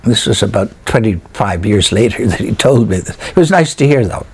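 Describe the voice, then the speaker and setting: A man's voice: on the low side, brisk, breathy edge. An older Canadian man in an interview, reminiscing with frequent fillers and restarts. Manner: hesitant, many fillers, animated recollection. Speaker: interviewee, retired theatre critic.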